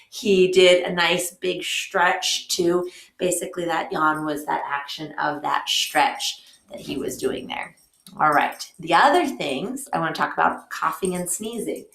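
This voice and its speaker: A woman's voice: sits low, a bit bright. A woman biology teacher explaining a lesson to her students, with lots of ums and friendly asides. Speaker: high school biology teacher. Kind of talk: recorded remote lesson. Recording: echoey room.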